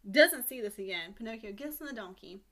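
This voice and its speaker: A woman co-hosting a podcast, retelling a story in casual chat, swearing freely and acting out characters' lines in quick asides. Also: on the high side, lively intonation, pushed and bright. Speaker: podcast co-host.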